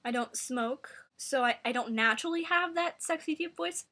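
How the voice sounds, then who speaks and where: A woman giving a mock singing tutorial in a deadpan, rambling, self-serious way. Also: sits high, normal speed.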